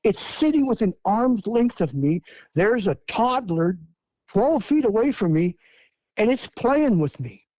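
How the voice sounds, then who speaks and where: A man's voice: high voice, big pitch swings, measured pace, darkish tone, dry recording. Older man telling a story, dry sound. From Washington State, US. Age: 70s. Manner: vivid step-by-step retelling, acting out quoted lines. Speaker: guest eyewitness. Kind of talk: first-person storytelling.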